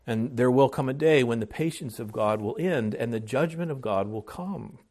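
A man of ordinary pitch preaches a sermon to his congregation. He speaks earnestly, often restarting a word, and his voice swells on key phrases before dropping back. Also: normal speed, darkish tone. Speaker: pastor.

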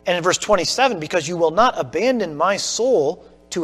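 A high-pitched male preacher teaching through a passage in an earnest, explanatory way. His voice carries a long reverb, as in a large church hall. Faint music sits underneath. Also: animated, brisk, hardly any pauses, a bit bright, husky. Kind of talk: teaching sermon.

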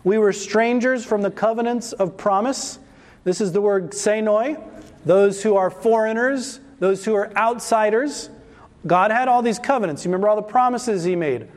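Brief: male preacher, high voice, emphatic sermon delivery that slows down for key words. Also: darkish tone, big-room sound. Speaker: pastor.

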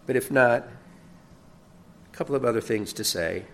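A man's voice: medium pitch, unhurried. A man preaching a sermon as a pastor, earnest and emphatic, often repeating a word as he builds a point. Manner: earnest preaching with rising emphasis, occasional chuckles and repeated words.

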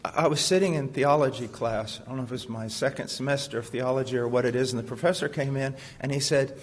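Impassioned preacher in a reverberant hall. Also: male voice, mid-range voice, fast, few pauses, a little hiss or hum. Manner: impassioned, rhetorical questions, swings from hushed to loud. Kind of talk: sermon.

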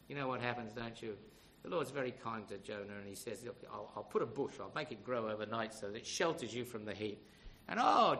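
A man's voice: mid-range voice, pushed and bright, a little hiss or hum, poor audio. A man preaching a sermon in an emphatic, storytelling way, with frequent rhetorical questions to the congregation.

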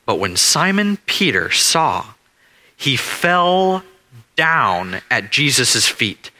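A male pastor preaching an expository sermon, repeating phrases with emphasis and slowing down on key words. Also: mid-range voice, very animated, pushed and bright.

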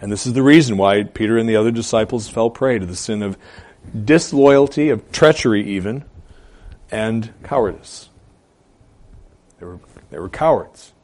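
A man preaching a sermon as pastor, with emphatic stresses, quiet asides and hesitant fillers between phrases. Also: on the low side, moderate pace, pauses often.

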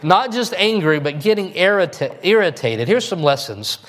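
This man is preaching as a pastor, his high, expressive voice fairly bright and his pace moderate. He talks to the congregation in a homey, chatty manner, often pausing to ask "all right?"

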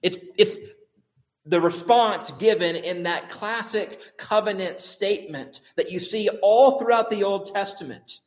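A man's voice: high voice, a little slow. A male preacher delivers a sermon in a somewhat raised voice. He presses his listeners with rhetorical questions and swells in volume on the points he wants to land.

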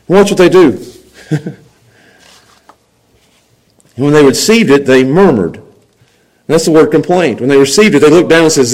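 A man's voice: a little high, lively intonation, normal speed, long pauses, a little mellow, poor audio. A middle-aged man preaching a sermon, acting out people's complaints in grumbling voices and chuckling as he goes.

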